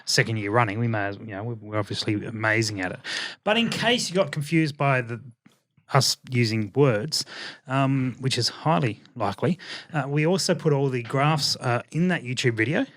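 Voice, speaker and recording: A man's voice: mid-range voice, lively intonation, moderate pace, fairly bright tone. A man co-hosting a podcast in casual, joking banter, often restarting his sentences. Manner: joking, self-mocking, stumbling restarts. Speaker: podcast co-host.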